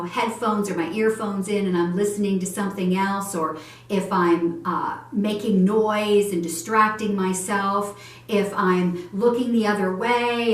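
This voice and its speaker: Encouraging lady teaching a family class, sounds far off in a big echoey room. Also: mid-range voice. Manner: gentle, encouraging, demonstrates tones of voice. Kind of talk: church family lesson.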